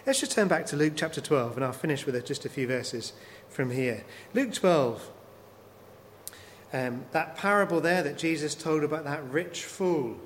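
A man's voice: on the high side, expressive, normal speed. A man preaching a sermon, working through scripture with repeated rhetorical questions. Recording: long hall reverb, faint noise.

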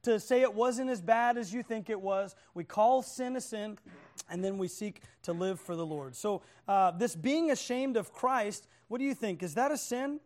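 A man with a fairly high voice preaching a sermon in a church. He talks casually, cracks jokes with the congregation and keeps checking in with a quick "right?". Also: lively intonation, darkish tone. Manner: conversational, jokes with listeners, keeps asking "right?".

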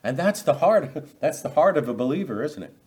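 A man's voice: a little high, sing-song, fairly quick, a little mellow. A man preaching an expository sermon as pastor, conversational, posing rhetorical questions, acting out quotes and often repeating words as he restarts phrases.

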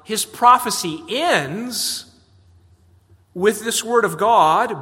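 A man's voice: animated, very slow, bright, forceful tone. A man preaching an expository sermon, earnest and prone to repeating words as he restarts his sentences. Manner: earnest, repeats words on restarts, voices questions with rising pitch. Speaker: pastor. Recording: long reverb of a large hall.

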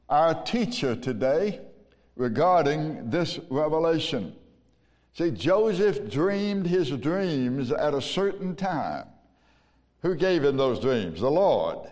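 A man with a Southern US accent preaching a sermon as pastor, slow and emphatic with long pauses. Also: a little high, a little mellow. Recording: long reverb of a large hall.

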